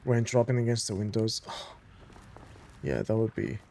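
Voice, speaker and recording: A man's voice: on the low side, expressive, moderate pace, dark tone, slight background noise. A man casually commenting on a video game he plays, reading in-game documents aloud between enthusiastic fan remarks. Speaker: gamer playing through a story game. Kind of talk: casual let's-play commentary.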